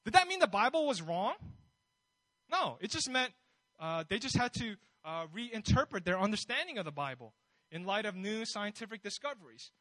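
Guy preaching, really high voice, dry close sound, keeps asking the crowd questions. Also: very animated, moderate pace, bright, forceful tone, no room sound, poor audio. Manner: conversational, bold preaching with rhetorical questions. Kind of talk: sermon.

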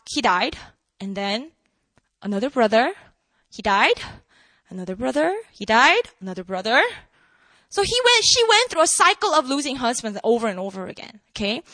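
A woman preaching a sermon to a room, emphatic and animated, asking her listeners rhetorical questions. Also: high voice, dry recording. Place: room with an audience.

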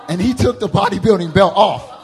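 A young man with a Southern US accent, preaching a sermon to a congregation as a lively, laughing storyteller who acts out the voices in his stories. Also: high-pitched, fairly quick, slight background noise. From American South. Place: church service before a congregation.

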